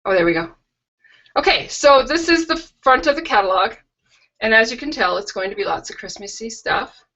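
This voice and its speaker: A chatty middle-aged woman hosts a live craft stream from home, drifting into rambling asides. Her voice sits a little high and sounds crisp and bright, though the webcam call audio comes through dull and lo-fi. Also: lively intonation, moderate pace. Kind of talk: casual live-stream chat and product tour. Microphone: video call webcam.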